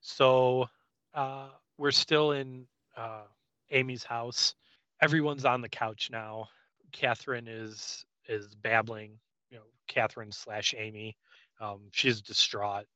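A man's voice: mid-range voice, fairly even intonation, takes it slowly, bright, forceful tone, no echo, highs cut off. A man casually recapping a TV episode scene by scene as a podcast co-host, with frequent ums. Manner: frequent "um"s, loose paraphrase of scenes.

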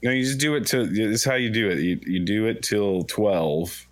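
A blunt man with a low voice, cursing casually as he banters on a podcast. The sound is dry and close. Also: moderate pace, no room sound. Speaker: podcast co-host. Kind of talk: casual chat.

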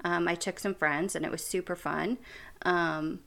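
A woman's voice: fairly low pitch, fairly even intonation, measured pace, gravelly, a bit bright. An American woman co-hosting a podcast, chatting casually and giggling, with lots of "like" and "um". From United States. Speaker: podcast co-host. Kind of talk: casual chat.

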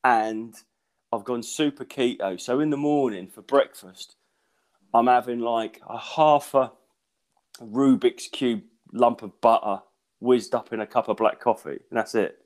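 Groggy, sweary podcast bloke. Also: male voice, medium pitch, measured pace, darkish tone. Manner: swears a lot, rambling storyteller, laughs mid-sentence. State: groggy and unwell. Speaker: podcast co-host. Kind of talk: casual chat.

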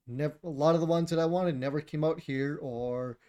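A man's voice: fairly high pitch, normal speed, dark tone. A man co-hosting a casual chat about video games, blunt and opinionated, swearing and laughing often.

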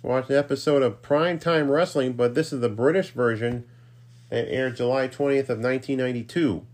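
A man hosting his own podcast, reading listener shout-outs in a rambling, self-deprecating way with offhand asides. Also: mid-range voice, fairly even intonation, brisk. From New York's Capital Region. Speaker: podcast host.

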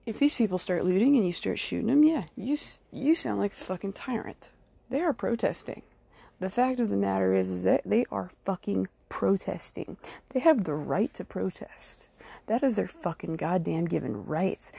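A woman hosts her own podcast with a blunt, furious solo rant, swearing at every turn and speaking straight to her critics. Her voice is gravelly and husky with a warm, dark tone. The sound is dry, with no room echo. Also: mid-range voice. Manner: angry and profane, swearing heavily. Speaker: podcast host.

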